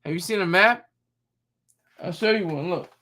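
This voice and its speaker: A man's voice: high-pitched, normal speed, pushed and bright. A man giving casual, rambling reaction commentary, often searching for words and sounding sarcastic. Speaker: commentary streamer.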